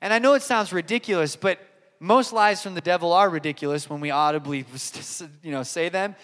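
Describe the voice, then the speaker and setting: A man's voice: high-pitched, brisk, fairly bright tone, clean tone, big-room sound. A man preaching a sermon, earnest and emphatic, repeating key lines and telling stories. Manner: earnest, emphatic repetition, storytelling. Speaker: pastor.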